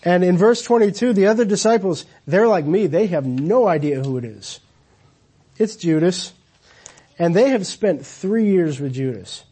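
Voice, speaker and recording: A man's voice: high voice, expressive, normal speed, warm tone, husky. A man preaching a sermon as pastor, telling the story in a casual, conversational way with rhetorical questions. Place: church.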